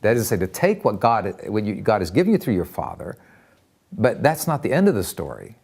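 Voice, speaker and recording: Older man, interview guest, animated storyteller, voice rising and falling a lot, stumbles and repeats words. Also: fairly low pitch, brisk, creaky, breathy edge. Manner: lively, acts out voices in anecdotes, repeats words. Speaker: interviewee, counselor.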